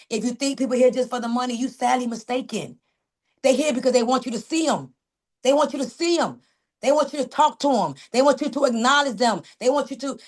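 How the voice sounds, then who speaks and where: A woman network marketing coach leading a motivational training call, calling out team members by name with an animated, preachy manner. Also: high voice.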